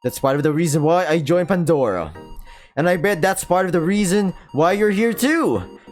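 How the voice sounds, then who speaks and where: A man's voice: sits high, lively intonation, moderate pace, faint music behind. A Filipino man doing an eager young woman handler. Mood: earnest. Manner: chatty, earnest, slightly flustered. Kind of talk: reading a visual novel aloud.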